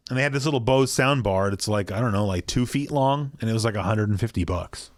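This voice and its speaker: A man with a fairly low voice co-hosts a casual podcast from a small basement at home. He rambles and pokes fun at himself. The sound is dry and close, with no room echo. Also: quick pace. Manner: rambling, self-deprecating. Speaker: podcast co-host. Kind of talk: casual chat.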